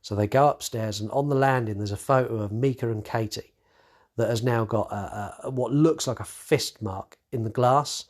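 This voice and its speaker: Speaking at a normal speed in a mid-range voice, a male podcast host casually recaps a horror film. He curses without restraint, voices the characters' lines, and stumbles through plenty of fillers and restarts.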